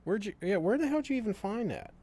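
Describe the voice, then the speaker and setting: A man's voice: high-pitched, expressive, quick pace, darkish tone, husky. Laughing, profane man telling stories. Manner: laughs often, profane storytelling. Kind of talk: casual chat.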